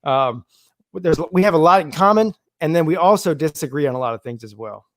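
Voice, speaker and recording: A man co-hosting a casual sports talk show, animated and emphatic, often restarting his sentences. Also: fairly high pitch, fairly quick, dry recording. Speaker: show co-host.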